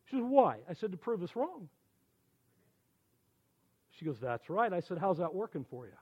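A man in his sixties, a church elder, telling conversion stories in a folksy, animated sermon. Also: sits high, normal speed, slightly rough, lo-fi sound. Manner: animated, folksy storytelling with quoted dialogue. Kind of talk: storytelling sermon.

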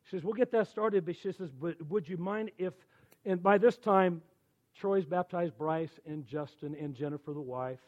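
High-voiced storytelling church elder in his 60s. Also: normal speed, highs cut off. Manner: animated, folksy storytelling with quoted dialogue. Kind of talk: storytelling sermon.

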